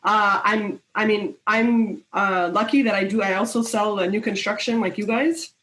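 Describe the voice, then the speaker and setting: A woman from Canada joins a live stream remotely as a guest broker. She talks in a relaxed, conversational way and fills her pauses with ums and uhs. Her voice sits at an average pitch. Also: poor audio. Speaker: real estate broker, guest.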